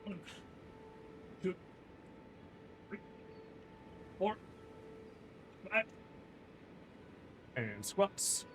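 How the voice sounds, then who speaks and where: A man's voice: high voice, very animated, drawn-out words, long pauses, fairly bright tone, slight background noise. A man streaming a video game, chatting casually, answering viewer chat and counting out workout reps between fights. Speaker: gaming streamer. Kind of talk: casual livestream chat while gaming.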